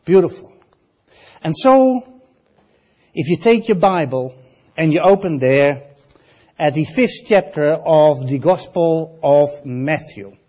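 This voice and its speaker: A man preaching with a Dutch accent, his voice pitched high for a man and rising and falling a great deal. He delivers the sermon at an unhurried pace, moving from loud, stressed phrases to hushed asides. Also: expressive, highs cut off. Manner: dramatic swings between loud emphasis and soft asides.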